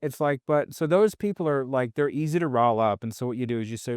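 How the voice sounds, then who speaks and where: A man's voice: medium pitch, fast, hardly any pauses, clear, resonant tone, dry recording, clean studio sound. A man as a podcast guest, talking in a rambling, blunt way full of swearing and filler words. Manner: rambling, blunt and profane, heavy use of "like". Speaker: sales trainer guest. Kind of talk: casual podcast conversation.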